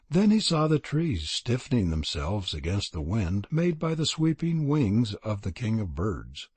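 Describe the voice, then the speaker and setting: Man reading an old tale, husky voice, pitch swinging a lot. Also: huge pitch swings, dry recording. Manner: measured storytelling. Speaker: audiobook narrator. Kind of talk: scripted narration.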